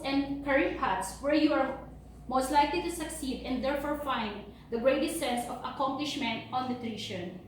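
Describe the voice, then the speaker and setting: A woman giving an earnest, heartfelt motivational talk, telling her own story. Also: sits high. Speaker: motivational speaker. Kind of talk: personal storytelling speech. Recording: echoey room from far off, faint noise.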